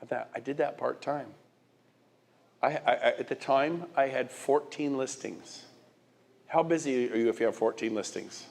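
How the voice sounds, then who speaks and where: A middle-aged man speaking at a medium pitch as he gives a motivational talk to an audience. He pushes his points with emphatic rhetorical questions, and he often repeats and restarts words. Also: normal speed, vocal fry, darkish tone. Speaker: guest speaker.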